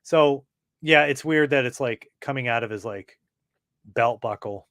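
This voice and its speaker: A man's voice: mid-range voice, a little slow, fairly bright tone, slight background noise. A man reading a comic book aloud in a casual way, adding fillers and side comments.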